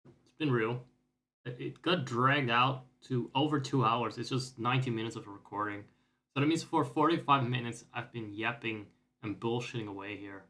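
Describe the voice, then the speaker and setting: A male game streamer rambling through casual commentary, joking and swearing as he plays. His voice is mid-pitched, and his sentences often trail off quietly. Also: normal speed.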